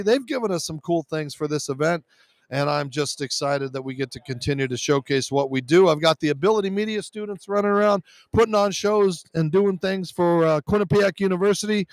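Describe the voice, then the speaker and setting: A high-pitched man signs off a sports talk show, tired and a bit hoarse from a long day of broadcasting. He rambles casually through sponsor plugs with plenty of fillers, close on a dry, direct mic. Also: dry recording. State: tired, losing his voice. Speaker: show host. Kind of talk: live radio show sign-off with sponsor reads. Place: busy media row at a sports event.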